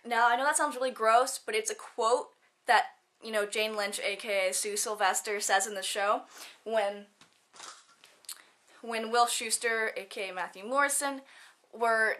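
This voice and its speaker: A woman's voice: on the high side, bright, forceful tone. A teenage girl chatting casually in a vlog, bubbly and giggly, with lots of fillers and quoted asides. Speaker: student vlogger.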